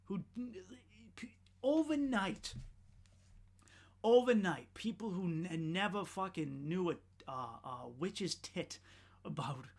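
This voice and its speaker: A podcast host launches into a sardonic, profane comedy rant, rambling and restarting as he lurches between loud outbursts and muttered asides. His voice is slightly high, slightly slow, and creaky.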